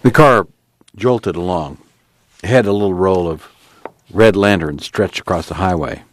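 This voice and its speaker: A man reading a novel aloud on radio in steady, measured narration. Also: low-pitched. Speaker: radio reader.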